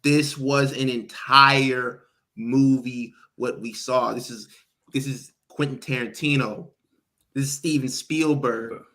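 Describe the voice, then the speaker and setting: Speaking slowly at a medium pitch, a man co-hosting a podcast gives an animated, casual recap of a wrestling match, acting out people's quotes.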